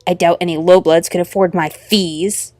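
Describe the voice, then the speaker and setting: A woman voicing a violent, greedy young female troll mercenary who talks slowly with a sneer. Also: on the low side, steady tone, dark tone, no room sound, clean studio sound, pitched below the performer's own voice, close to an everyday voice. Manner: slow, sneering and menacing.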